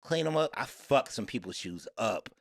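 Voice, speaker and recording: A man co-hosting a podcast, telling stories in a rambling, animated casual chat. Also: mid-range voice, normal speed. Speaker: podcast co-host.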